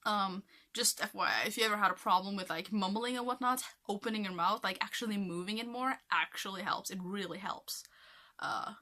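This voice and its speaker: A young adult woman from Norway chats casually to camera in a rambling vlog, full of fillers like "like" and "um". Her mid-range voice is pushed and bright, and she talks a little fast.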